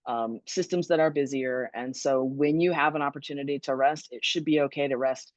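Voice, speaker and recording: A former fire battalion chief, now a guest speaker, answers webinar questions in a rumbling low, steady, darkish voice at a fairly quick pace. She sounds earnest and conversational, with frequent ums and restarts. The dry webinar audio is dull and lo-fi with no echo.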